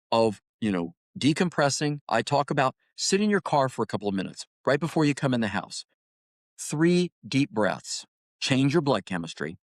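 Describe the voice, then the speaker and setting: A middle-aged man talks through a podcast interview as a guest, telling stories with lively bursts. His voice is mid-pitched for a man and sits close and dry on the microphone. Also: dry recording. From Ohio, United States. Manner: storytelling, animated, repeats words when starting. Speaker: podcast guest, retired highway patrol officer. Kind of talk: casual interview talk.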